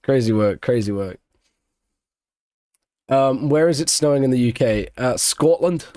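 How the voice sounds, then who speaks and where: A man's voice: medium pitch, expressive, unhurried, dark tone, dry recording. A young man streaming live race commentary, chatting with viewers between calls. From Australia. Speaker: streamer doing live watch-along commentary.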